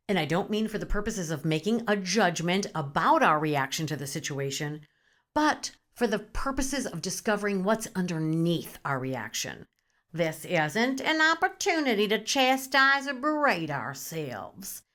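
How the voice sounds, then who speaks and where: A woman's voice: medium pitch, big pitch swings, a little slow, a bit bright. A woman hosting a podcast, giving a comedic spiritual monologue in a playful, sassy way, swearing freely and using pet names. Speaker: podcast host.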